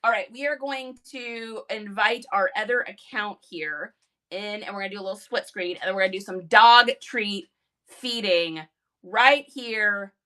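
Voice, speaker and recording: A woman hosting a casual live stream, bubbly and excitable, talking into a phone. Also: unhurried. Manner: bubbly, excitable, high-energy. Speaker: live-stream reseller host.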